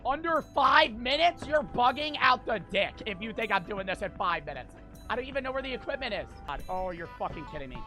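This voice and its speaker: A man giving frantic gameplay commentary, swearing, talking to himself and breaking into sudden loud outbursts. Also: very high voice, expressive, fairly quick, hardly any pauses, faint music behind. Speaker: gaming streamer.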